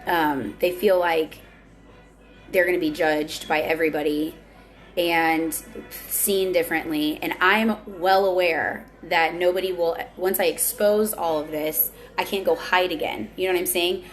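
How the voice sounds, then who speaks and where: With faint music behind her, a young vlogger talks in a low, steady, unhurried voice. Her candid personal talk is earnest and confessional, and she often starts sentences over.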